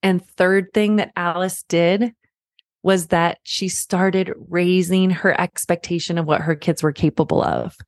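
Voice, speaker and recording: Woman parenting podcast host, earnest and encouraging, low-ish voice, dry close sound. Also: steady tone, a little slow, no echo. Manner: earnest, encouraging, repeats key phrases. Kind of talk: coaching talk to parents.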